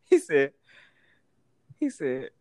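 A man's voice: mid-range voice, drawn-out words, no echo. A man, casually telling a story, acting out the people in it and laughing often. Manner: animated, acts out voices in anecdotes, laughs often.

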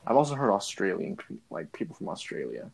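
A man's voice: sits low, wildly swooping pitch, quick pace, vocal fry, slightly rough. A young man in casual chat, rambling with lots of fillers and restarts, laughing often.

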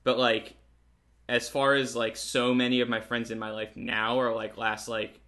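Brief: young male host from Connecticut, mid-pitched, chatty and rambling, filler-heavy delivery. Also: little pitch movement, normal speed, sharp tone. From Connecticut, USA. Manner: rambling, many "like" fillers, restarts. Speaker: podcast host. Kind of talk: casual chat.

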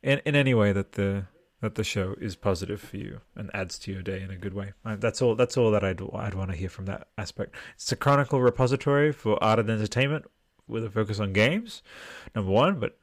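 A tired man hosts a livestream at his home desk, talking into a close desktop mic in a somewhat low voice. His delivery is loose and rambling as he reads viewer comments aloud, with the odd curse word. The sound is dry, with no room echo. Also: a little fast, hardly any pauses. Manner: rambling, chatty, swears freely. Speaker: podcast host. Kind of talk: casual livestream chat reading viewer comments. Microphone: desktop mic with headphones.

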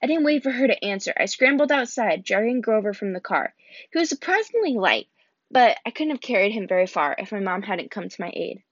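Very animated and brisk, a medium-pitched woman reads from a novel and acts out its characters, frequently tripping up and starting again. The recording is dull and lo-fi, without echo.

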